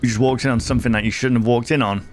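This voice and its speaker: A man's voice: mid-range voice, fairly even intonation, racing, soft background music. A man hosting a video reaction channel, chatting casually and thinking aloud, often cutting himself off mid-sentence. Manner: rambling, thinking aloud with self-interruptions.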